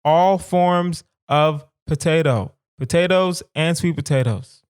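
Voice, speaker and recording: A man in his thirties from the southern United States, hosting a solo comedy podcast in a rambling, animated way and putting rhetorical questions to his listeners. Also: on the high side, slow, clear, resonant tone. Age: 30s. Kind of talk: casual solo podcast musing.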